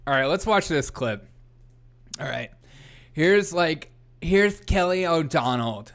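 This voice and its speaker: A man with a somewhat high voice hosts a casual comedy news livestream. He rambles from one thought to the next, laughs often, and answers the chat aloud. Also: lively intonation, slow, fairly bright tone. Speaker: host.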